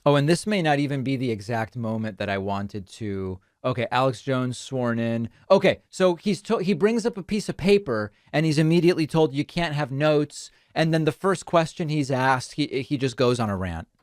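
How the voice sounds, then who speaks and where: A man's voice: medium pitch, expressive, normal speed, few pauses, no echo. A man hosting a show, giving dry, sardonic commentary on court footage. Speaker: show host. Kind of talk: news commentary over clips.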